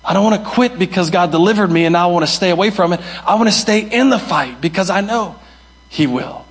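A man's voice: high-pitched, quick pace, slightly rough. A young male pastor preaching a sermon, emphatic and repeating his key phrases. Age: young adult. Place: church hall.

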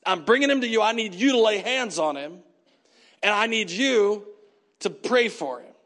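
Preacher doing god's voice, steady and sure, firm but kind instructions. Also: male voice, high-pitched, normal speed, pitched above the performer's own voice, exaggerated voice. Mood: reassuring. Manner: reassuring, firm. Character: calm, assured divine voice giving orders.

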